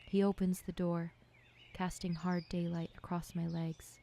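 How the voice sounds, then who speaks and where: Hushed, mellow woman narrating poetry. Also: lowish voice, little pitch movement, creaky, slight background noise. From United States. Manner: slow, measured, hushed, with occasional whispers. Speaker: filmmaker narrating her own work. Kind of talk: poetic scripted narration.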